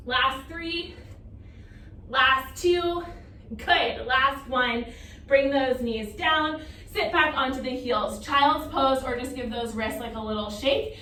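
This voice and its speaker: Woman, Pilates instructor, high voice, encouraging rep counting, roomy echo. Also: fairly bright tone. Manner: encouraging, counts reps and cues breath. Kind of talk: guided exercise class cueing. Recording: roomy, distant mic with faint noise.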